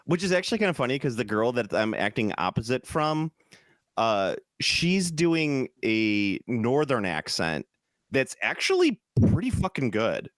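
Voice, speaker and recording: A man from the American Midwest co-hosting a casual gaming podcast, talking in an animated, profane, jokey way. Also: mid-range voice, measured pace, dry recording, clean studio sound. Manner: animated, profane, jokey, slips into mock British voices. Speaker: podcast co-host. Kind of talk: casual chat.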